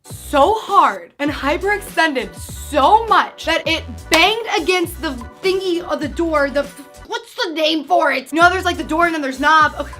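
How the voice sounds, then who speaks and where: A young woman telling a ghost story to camera in a casual, animated way, acting out voices and dropping to a hush at tense moments. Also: very high voice, measured pace, faint music behind. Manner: animated, acts out quotes and sounds, drops to a hush for tense parts.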